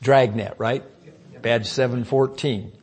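This pastor's husky voice is slow and steady in tone as he preaches, calling "amen?" to the congregation and moving between loud emphasis and quiet asides.

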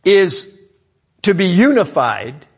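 Husky-voiced preaching man. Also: sing-song, takes it slowly. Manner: preaching with call-and-response "amen?" to the congregation; swings from loud emphatic lines to low asides. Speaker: pastor. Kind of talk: sermon.

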